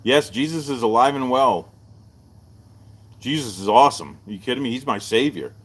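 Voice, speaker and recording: A middle-aged man, hosting a live-streamed martial arts show and telling stories in a loose, animated way. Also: normal speed, husky. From Texas. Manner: animated storyteller, jumps up in pitch for quoted voices. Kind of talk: casual storytelling to a live stream.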